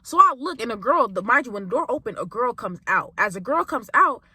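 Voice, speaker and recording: Young female vlogger, crisp bright tone, dry close sound, lively storytime delivery with emphatic repeats. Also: a little high, brisk, no room sound. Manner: animated, exclamatory, speaks straight to viewers as "y'all". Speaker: vlogger telling a college story. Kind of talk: storytime vlog.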